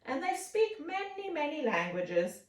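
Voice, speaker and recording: A woman's voice: high voice, sing-song, unhurried. A woman teaching a children's yoga class, coaxing and playful, telling a little story as she guides the poses. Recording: roomy echo, mic set far off.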